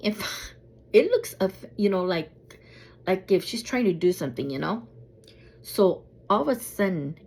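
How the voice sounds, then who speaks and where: A woman vlogger telling a travel story in a casual way, acting out what people said with a high, lively voice. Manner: animated, acts out quotes in a high voice.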